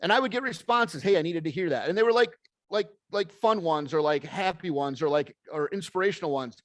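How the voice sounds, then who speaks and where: A middle-aged man speaks to an audience in a plainspoken, folksy way, acting out each bit of dialogue as he tells it. His voice sits a little high for a man. The sound is close and dry, with almost no room around it. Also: a little fast, dry recording. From American Midwest. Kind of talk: motivational talk to an audience.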